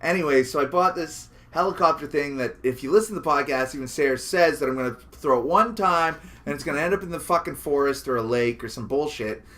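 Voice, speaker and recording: A man co-hosting a podcast, telling stories in a joking, animated way and swearing casually. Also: on the high side, fast talker, few pauses. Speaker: podcast co-host. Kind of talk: casual chat.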